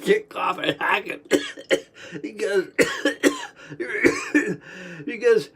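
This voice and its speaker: A man's voice: very high voice, wildly swooping pitch, drawn-out words, fairly bright tone, husky. A stuffed-up, short-of-breath man talking alone, breaking into laughing fits and coughing and swearing freely. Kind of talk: rambling solo monologue. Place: kitchen.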